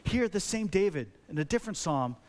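Man, pastor, sermon, fairly high voice, conversational, rhetorical questions. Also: sing-song, a little fast, darkish tone.

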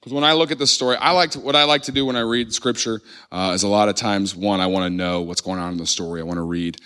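A man from the Midwest preaching a sermon in a church, telling the story with lively acted-out voices and frequent laughs. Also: fairly low pitch, quick pace, clean tone. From American Midwest. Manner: animated storytelling, acts out crowd voices, laughs often. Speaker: pastor.

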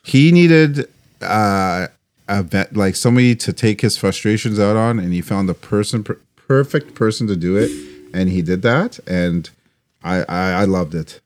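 Laid-back low-voiced man talking sports. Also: normal speed. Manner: animated, mimics coaches in a high voice, laughs often. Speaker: podcast co-host. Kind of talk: casual sports chat.

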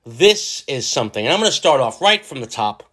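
A middle-aged man hosts his own podcast while sick with a cold, rambling casually through a solo monologue with jokey, self-deprecating asides. His medium-pitched voice is very animated, a little fast, sharp in tone, with a breathy edge.

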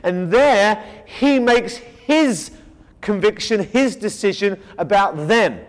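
Male Bible teacher, fairly high voice, emphatic lecturing with rhetorical questions, long reverb of a hall. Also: slow. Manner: emphatic, asks rhetorical questions and answers them.

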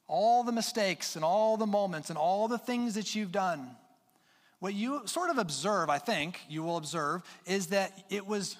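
Man, pastor, earnest sermon, urging tone, emphatic pauses, fairly high voice, long church-hall reverb. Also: a bit bright.

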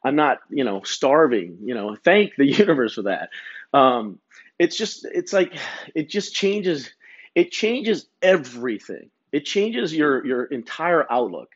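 A man's voice: medium pitch, very animated, unhurried, muffled recording. A man hosting a solo podcast, rambling through a laid-back, profane monologue full of stammered restarts. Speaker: podcast host.

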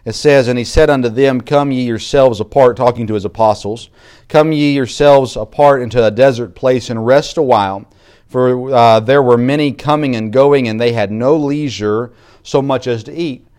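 A man's voice: mid-range voice, normal speed, clean tone. Man preaching a sermon, reading scripture. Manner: reads scripture aloud in King James wording; builds from quiet reflection to louder, raised emphasis.

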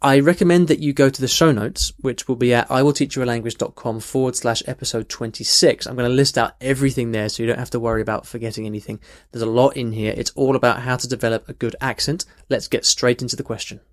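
A man's voice: mid-range voice, fairly even intonation, quick pace, hardly any pauses. Earnest podcast host man. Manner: earnest, many restarts, emphatic rises. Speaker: podcast host and language coach. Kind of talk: podcast answering a listener question.

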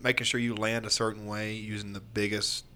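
A fairly low-pitched man chats loosely on a podcast about taking bumps in the ring. He rambles and restarts his sentences. A faint hiss of noise sits under his voice. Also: flat delivery, brisk, pushed and bright. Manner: rambling, candid storytelling with fillers and restarts. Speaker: pro wrestler guest. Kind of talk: casual podcast chat.

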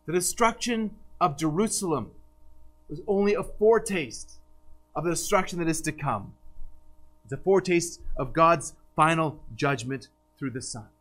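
A man's voice: on the high side, normal speed, fairly bright tone, low-quality recording. A man preaching a sermon as pastor, earnest and emphatic, with frequent restarts.

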